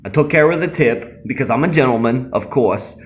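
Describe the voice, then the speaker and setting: A man's voice: medium pitch, expressive, a little fast, lo-fi sound, pitched above the performer's own voice, lightly acted. A man voicing a brash, boastful young tough guy who rambles, swears and brags in a comedy sketch. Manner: cocky, rambling, swearing, self-aggrandizing.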